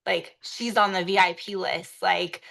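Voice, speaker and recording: A woman's voice: mid-range voice, flat delivery, a little slow, gravelly, a bit bright. A real estate agent woman telling the group a story on a coaching video call, chatty and full of fillers. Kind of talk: casual chat.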